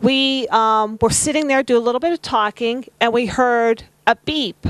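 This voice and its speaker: A woman with a somewhat high voice tells her part of a ghost story, casual and rambling, stopping to correct herself. The sound is close and dry. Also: normal speed, no echo, low-quality recording. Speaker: ghost hunter filming. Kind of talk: storytelling to an audience.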